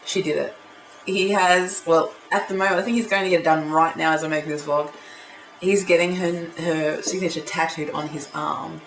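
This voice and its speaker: Young woman, casual vlog, gushing and excitable, gravelly fry, echoey room. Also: deep voice, moderate pace. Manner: gushing, excitable fan talk with many fillers. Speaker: vlogger. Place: indoors at home. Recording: echoey room, light background hiss.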